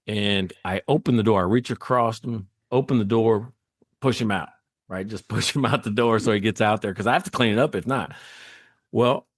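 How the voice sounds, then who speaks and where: Podcast guest, man, lowish voice, animated storyteller who acts out quotes and laughs a lot. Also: moderate pace. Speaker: guest, former state trooper.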